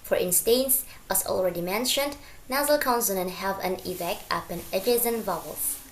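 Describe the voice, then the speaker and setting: Woman reading lecture stuff, measured and explainy, roomy echo, little bit of hiss. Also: mid-range voice. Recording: echoey room with faint noise.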